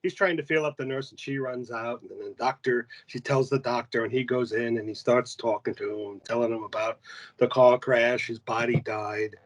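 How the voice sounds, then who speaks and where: A man's voice: medium pitch, steady tone, normal speed, rough recording. A man co-hosting a casual movie review podcast, recapping the plot in a laid-back way. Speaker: podcast co-host.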